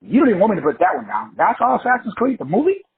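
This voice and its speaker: Speaking rapid-fire in a high, breathy voice whose pitch swoops wildly, a self-help host delivers a preachy, profane pep talk. He speaks right to his listeners and doesn't hold back. The recording is dry and phone-like, with a tinny quality.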